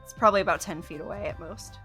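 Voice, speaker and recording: A woman acting as game master, narrating a tabletop game and making relaxed rulings. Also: on the low side, quick pace, faint music behind.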